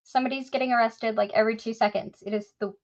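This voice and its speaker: A woman's voice: a little high, quick pace, dull audio. A woman casually telling a story on a podcast, acting out the voices of the people in it. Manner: animated, acts out quoted voices.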